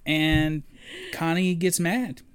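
A woman with a notably low voice, talking in an easy, casual way. She lays out events in a plain, matter-of-fact manner, one step after another. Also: steady tone, slow, smooth. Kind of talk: casual chat recapping a film.

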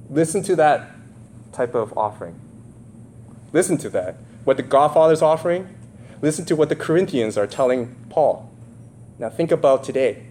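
Man, pastor, sermon, stuffy nose, fairly high voice, faint hiss. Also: expressive, normal speed, pauses often, a little mellow. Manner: conversational, asks the audience questions. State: nasal congestion.

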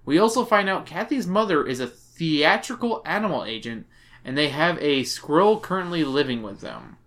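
A man's voice: a little high, big pitch swings, normal speed, fairly bright tone. A drunk man hosting a podcast, recapping a book with sarcastic, giggly asides. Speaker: podcast host.

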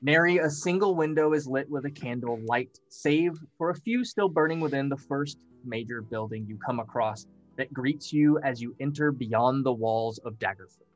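A man narrating a tabletop game as game master. He describes scenes at length in a mid-pitched voice, stopping now and then to hesitate. Faint music plays underneath. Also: normal speed, hardly any pauses, no echo, muffled recording.

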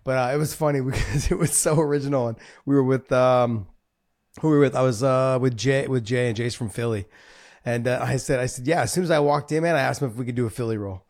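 A man's voice: medium pitch, quick pace, a little mellow, no echo, studio quality. A middle-aged man hosting a podcast, telling rambling stories with laughs in a casual chat. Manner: chatty, laughing, rambling storyteller. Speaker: podcast host.

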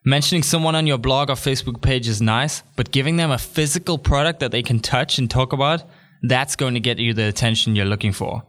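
A man's voice: medium pitch, fairly quick, fairly bright tone. Upbeat chatty male podcast host. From England. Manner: upbeat, chatty, jokey asides. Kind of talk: solo podcast monologue.

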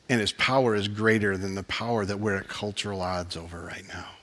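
A man's voice: lowish voice, steady tone, brisk. A man, a pastor, preaching earnestly and closing in a heartfelt prayer. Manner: earnest, impassioned preaching with soft laughs.

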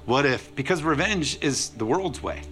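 A male pastor giving a sermon to a congregation in a church, preaching in an energetic, conversational way with playful asides. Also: mid-range voice, normal speed, soft background music.

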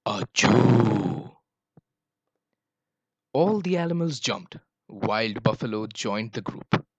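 A man reading a children's story aloud, expressive and playing with sound effects. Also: lowish voice, measured pace, no echo, lo-fi sound.

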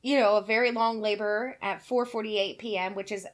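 A woman's voice: medium pitch, moderate pace. A woman in her forties from Kentucky, telling a family story in casual chat and acting out the voices. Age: 40s. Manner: animated storyteller, acts out quoted voices, swears casually.

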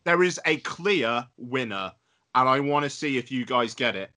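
A man's voice: medium pitch, expressive, normal speed, pushed and bright. A man co-hosting a podcast, rambling and emphatic in casual banter, swearing freely. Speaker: podcast co-host.

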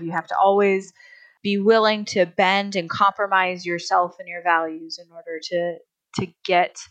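A woman's voice: on the low side, a bit bright, dry recording. A woman in a casual podcast discussion, talking in an emphatic, passionate way with sarcastic rhetorical questions.

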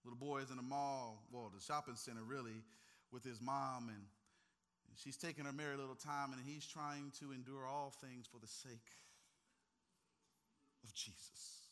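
A man preaching a sermon, telling a story, building to a loud call-and-response and then praying quietly. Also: mid-range voice, steady tone, normal speed. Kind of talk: sermon with prayer.

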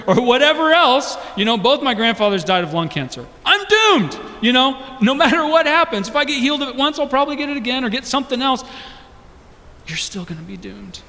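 A young male pastor preaches a sermon, earnestly putting question after question to the congregation. His voice is high with a fairly bright tone, and the recording has a long hall reverb.

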